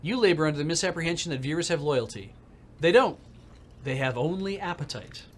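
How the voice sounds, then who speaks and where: A smug, scheming TV producer who speaks smoothly and talks down to his rival, as a man reads him aloud. The voice sits higher than usual and swings through a lively pitch range. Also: a little fast, a little hiss or hum, lightly acted. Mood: condescending. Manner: smooth, condescending, lecturing.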